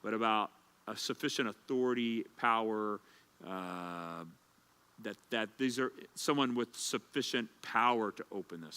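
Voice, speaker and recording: A man's voice: mid-range voice, bright, forceful tone, clear, resonant tone. A male pastor teaching a Bible study in a conversational, anecdotal way, with frequent filler words.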